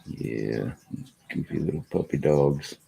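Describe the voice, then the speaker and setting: A man's voice: rumbling low, slow pace, gravelly, warm tone, husky. A man streaming casually from home, chatting with viewers, laughing often and slipping into baby talk for his puppies. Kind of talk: casual live stream chat.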